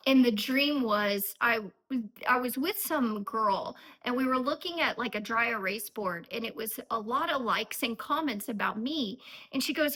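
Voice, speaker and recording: A woman's voice: a little high, normal speed, pushed and bright, low-quality recording. A woman talking to camera in an earnest, emotional, rambling personal vlog. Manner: frequent fillers and restarts. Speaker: vlogger.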